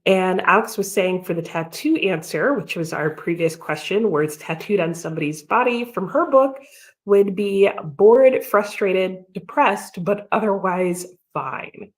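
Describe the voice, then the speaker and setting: A woman's voice: medium pitch, animated, measured pace. An American woman hosting a casual reading livestream, chatting about her book and reading out and answering viewer comments. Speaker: livestream host. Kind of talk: casual readalong chat.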